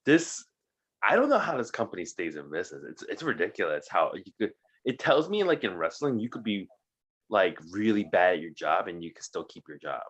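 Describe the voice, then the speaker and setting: A man's voice: low voice, big pitch swings, brisk, a bit bright, husky. A man co-hosting a casual podcast, giving dry, wry commentary. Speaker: podcast co-host. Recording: dull lo-fi mic.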